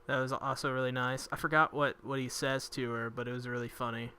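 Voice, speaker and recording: Bright, smooth-voiced man chatting casually. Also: mid-range voice, little pitch movement, fast. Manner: chatty and curious, asks questions. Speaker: podcast guest. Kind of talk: casual chat.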